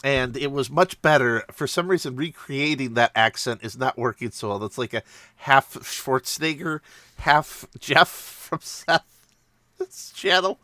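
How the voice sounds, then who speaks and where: A man's voice: mid-range voice, a little slow, sharp tone, no room sound, studio quality. A man casually retelling a tabletop game session, rambling and self-mocking with frequent laughs. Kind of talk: casual storytelling.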